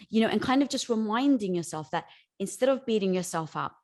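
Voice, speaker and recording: A woman's voice: on the high side, lively intonation, fairly quick, a little mellow. A woman guest in casual chat, giving encouraging advice and addressing the host as "girl".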